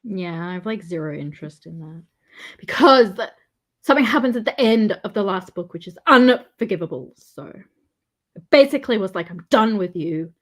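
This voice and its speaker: A woman co-hosting a casual chat, animated and teasing, laughing often. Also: medium pitch, normal speed. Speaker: podcast co-host.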